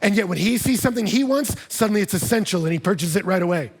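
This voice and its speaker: A man preaching a sermon as pastor, lively and humorous, acting out couples' voices. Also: high voice, quick pace, husky.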